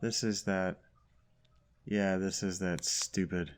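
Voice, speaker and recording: A man's voice: low voice, little pitch movement, slow pace. A man giving sarcastic, grumbling commentary while playing a video game. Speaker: gaming YouTuber. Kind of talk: casual let's play commentary.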